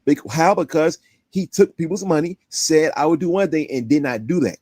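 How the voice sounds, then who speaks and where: A man's voice: fairly high pitch, a little mellow, no echo, studio quality. A man hosting a stream, indignantly commenting on a clip with pointed rhetorical questions. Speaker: stream host.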